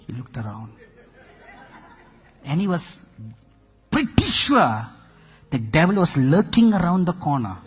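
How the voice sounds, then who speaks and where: Slow, husky-voiced male preacher in a hall. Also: fairly high pitch, expressive. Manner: storytelling, dramatic swings in loudness, rhetorical questions. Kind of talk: sermon.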